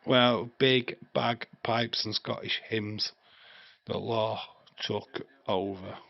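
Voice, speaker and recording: A man's voice: lowish voice, steady tone, takes it slowly, vocal fry, no echo. A man, hosting a live stream with crude jokes, rambling chat and frequent laughter. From England. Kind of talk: casual live watch-along chat. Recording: dry, slightly dull stream mic.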